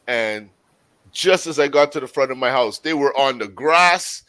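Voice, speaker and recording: A man on a casual panel podcast, telling a personal story in a relaxed way. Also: mid-range voice, moderate pace, poor audio. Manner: laid-back anecdotal storytelling.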